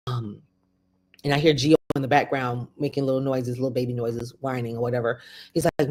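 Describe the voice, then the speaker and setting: A woman's voice: very deep voice, fairly quick, darkish tone. A middle-aged woman hosting a podcast, telling a personal story in a conversational way, often repeating herself and acting out what others said. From Florida. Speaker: podcast host.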